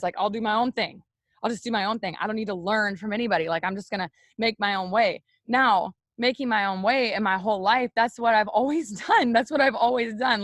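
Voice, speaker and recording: Loud excited young woman with a bit of a lilt, pep talk on a stream, dry close sound. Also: mid-range voice, no room sound. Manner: loud, energetic, chatty, talks straight to viewers. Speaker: network marketing team leader on a live stream. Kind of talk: motivational live-stream talk.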